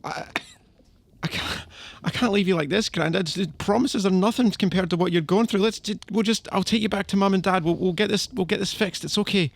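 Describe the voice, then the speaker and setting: A man's voice: sits high, a little fast, vocal fry. A man voicing a young man who panics over his wounded grandfather, stammering and repeating himself. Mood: pleading.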